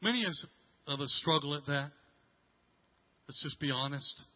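A middle-aged male pastor telling a story in a sermon, halting and repeating words, dropping from loud to hushed. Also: on the high side, highs cut off.

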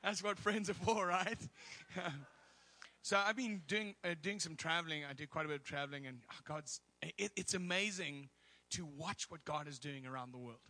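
A man's voice: fairly high pitch, normal speed, sharp tone. A middle-aged man preaching as a guest speaker in a church, telling personal stories in a chatty, humorous way. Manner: chatty storytelling with humor and asides.

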